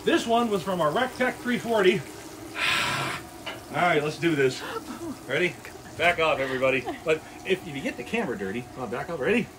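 A man's voice: a little high, expressive, normal speed, long pauses, very noisy. A man hosting a casual cooking livestream from his backyard, upbeat and jokey, chatting with viewers as he cooks. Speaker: grill show host. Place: backyard grilling area, outdoors.

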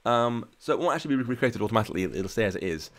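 A man's voice: medium pitch, rapid-fire. A man hosting a live coding stream from home, chatting casually and answering viewer questions with plenty of ums. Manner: chatty and relaxed, many ums and restarts.

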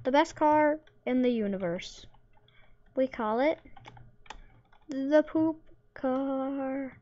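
A woman chats through her gameplay in a playful way, tossing in silly sound effects and jokes. Her voice is high and her pace unhurried. The recording sounds dull and lo-fi. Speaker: gamer. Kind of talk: casual gameplay commentary.

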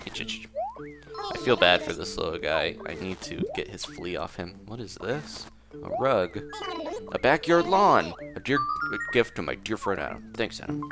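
Deep-voiced man rambling over a game. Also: a little slow, gravelly. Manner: relaxed, rambling, frequent restarts. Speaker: gameplay commentator. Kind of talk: casual let's-play commentary. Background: game music.

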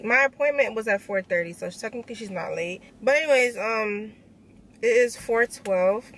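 Young woman, casual vlog chat, excitable, lots of fillers, car noise behind. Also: mid-range voice, poor audio. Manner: excitable, chatty, many fillers. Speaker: vlogger.

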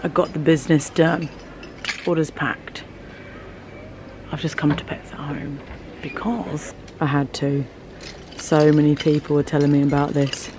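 A woman's voice: deep voice, flat delivery, measured pace, long pauses, noisy background. A woman chatting casually to her phone for a vlog, telling stories, swearing freely and laughing often. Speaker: vlogger. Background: music.

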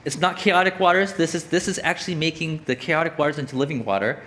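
A man's voice: on the high side, fast, few pauses, a bit bright. A man preaching a sermon as a pastor, in a casual, conversational way with frequent "like" and "right?".

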